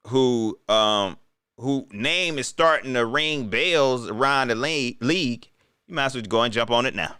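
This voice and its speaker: A man's voice: medium pitch, pushed and bright, clear, resonant tone, no room sound, clean studio sound. A man giving a casual, joking sports rant, incredulous and repeating himself for effect. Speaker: sports commentator.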